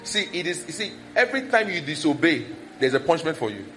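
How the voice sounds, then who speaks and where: With faint music underneath, this Nigerian-accented man talks fast in a voice on the high side as he preaches a sermon. His pastoral delivery is animated, and he raises his voice to act out gossip from the village and scolding.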